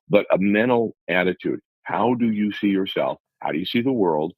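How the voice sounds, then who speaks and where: Deep husky motivational man. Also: lively intonation, moderate pace, few pauses, a little mellow, no echo, low-quality recording. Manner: earnest, motivational, lecturing in numbered steps. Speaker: life coach guest. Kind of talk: radio talk show conversation.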